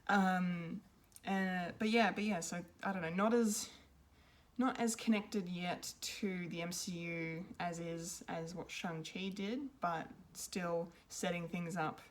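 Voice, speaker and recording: A woman's voice: on the low side, steady tone, slow pace. A woman giving an unscripted film review, rambling and hesitant, with many ums and restarts. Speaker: pop culture reviewer.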